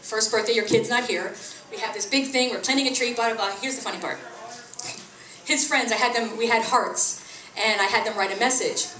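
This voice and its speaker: Middle-aged female comic, fairly high voice, roomy live sound from off-mic. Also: a little fast, far from the mic. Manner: animated, acts out quoted voices with big pitch jumps. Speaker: stand-up comedian. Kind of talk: stand-up comedy. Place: small tea house open mic.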